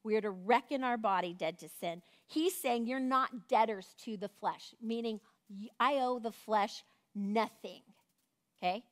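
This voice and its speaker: A woman's voice: on the high side, measured pace. A woman teaching a women's Bible study in a casual, conversational way, often checking in with "right?".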